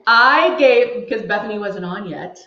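A woman's voice: mid-range voice, lively intonation, normal speed, pushed and bright. A woman doing a casual live makeup tutorial, chatting through each step and reading comments from viewers. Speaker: makeup demonstrator on a livestream. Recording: echoey room, slightly dull sound.

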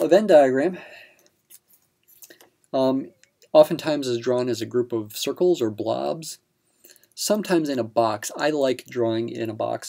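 A man walks through a probability exercise in a relaxed, patient teaching voice. His tone has a gravelly fry to it, sitting at an ordinary male pitch, and he breaks each point down step by step. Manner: patient step-by-step explanation with fillers. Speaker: math instructor. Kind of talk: explaining a practice problem.

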